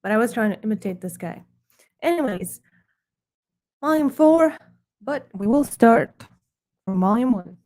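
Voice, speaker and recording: A woman's voice: a little high, expressive, a little slow, long pauses, darkish tone. An American woman hosting her own art livestream, joking and poking fun at herself in a casual chat. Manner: joking and self-mocking.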